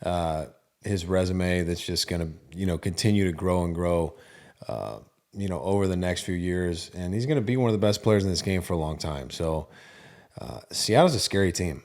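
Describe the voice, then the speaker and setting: A man's voice: low voice, normal speed, darkish tone. A man co-hosting a baseball podcast, talking in a laid-back way with many fillers. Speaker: podcast co-host. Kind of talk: casual sports podcast chat.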